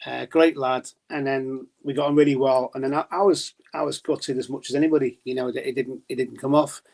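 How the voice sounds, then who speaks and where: Gravelly chatty man telling stories. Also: mid-range voice, steady tone, a little fast, a little mellow. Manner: chatty storyteller, swears, laughs often. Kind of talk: casual chat.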